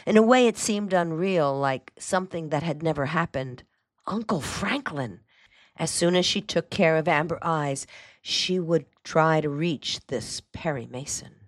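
A woman reading a mystery novel aloud as host of a story program, in a measured manner. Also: deep voice, no echo, clean studio sound. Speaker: host and reader.

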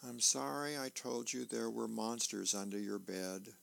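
A man's voice: medium pitch, little pitch movement, measured pace, creaky, a bit bright. A man reading a mischievous little girl. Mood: teasing. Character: mischievous little girl teasing her brother.

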